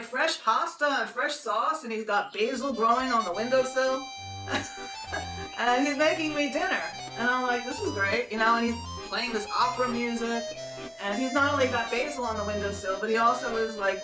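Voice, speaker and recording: With music in the background, a podcast host in her sixties laughs her way through a long, rambling personal story. Her voice is fairly high and her speed normal. The mic picks her up from a distance in a roomy space, with faint noise.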